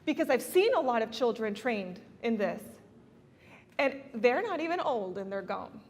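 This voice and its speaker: Woman, high voice, family counselor, live talk, earnest and persuasive, long hall reverb. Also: big pitch swings, normal speed. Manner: earnest, persuasive, laughs often, quotes scripture. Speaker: family counselor speaking at a conference. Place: event venue before an audience.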